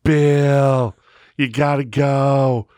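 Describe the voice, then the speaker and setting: A man mimicking a former male video store boss who nags and pleads, in a pushy voice a little higher and louder than his own. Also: little pitch movement, very slow, smooth, dry recording, clean studio sound. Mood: pleading. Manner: pleading, nagging.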